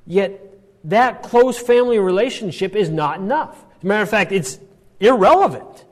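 A man's voice: high-pitched, lively intonation, normal speed, big-room sound. A man teaching a Bible passage, explaining step by step and checking in often with "all right" and "right?".

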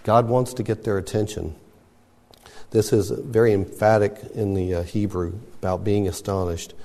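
A low, gravelly man leads a Bible class, stressing key words and putting questions to his listeners. His tone is dark and mellow. Long reverb trails each phrase. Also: steady tone, moderate pace. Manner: conversational, emphatic, questions the class. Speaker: Bible study teacher.

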